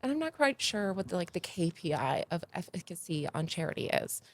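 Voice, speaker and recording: A woman, a podcast guest telling stories in a casual, animated way that grows loud and excited. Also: fairly low pitch, fairly quick. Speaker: podcast guest, agency founder. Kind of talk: casual interview storytelling.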